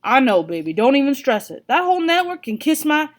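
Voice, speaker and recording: A woman's voice: high-pitched, very animated, a little fast, voice pushed up. A woman reading aloud, voicing a blunt, protective father who talks in a casual, plainspoken way.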